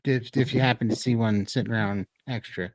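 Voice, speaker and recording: A man's voice: mid-range voice, steady tone, a little fast, no room sound. A man co-hosting a casual livestream chat over a video call, talking loosely with frequent laughs and rambling asides. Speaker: co-host of a livestream show.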